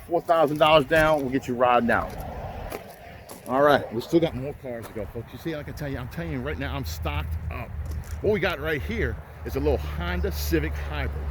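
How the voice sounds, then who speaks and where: A folksy man pitches used cars outdoors, calling out prices and ending pitches with "you're riding out." His mid-pitched voice carries faint outdoor noise from the lot around him. He talks to viewers like neighbors and hypes every deal. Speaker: used car dealer. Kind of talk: walk-around car sales pitch.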